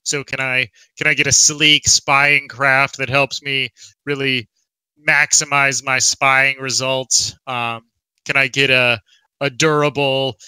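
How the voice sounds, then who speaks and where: A man guesting as a game developer, eager and explanatory, with a very bright, crisp, smooth voice. The sound is close and dry, with little room. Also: medium pitch, flat delivery, slow, no echo, poor audio. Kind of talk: casual interview talk. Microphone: online voice call.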